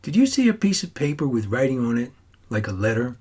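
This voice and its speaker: A man's voice: mid-range voice, big pitch swings, fairly quick, a little mellow, slightly rough. A man voicing a troubled teenage boy who writes and talks to his grandfather in an earnest, wistful way. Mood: urgent.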